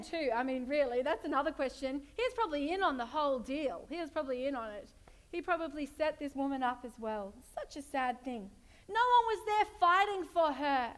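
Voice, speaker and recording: A middle-aged woman preaches a sermon in a high voice. She retells the story expressively and keeps turning to the congregation with rhetorical questions. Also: lively intonation, normal speed.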